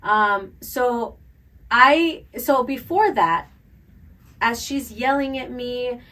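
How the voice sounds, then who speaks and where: A woman's voice: a little high, drawn-out words, distant mic, low-quality recording. Woman telling a story, off-mic. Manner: animated storyteller, filler-heavy, laughs often. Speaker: podcast co-host. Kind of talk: casual storytelling chat.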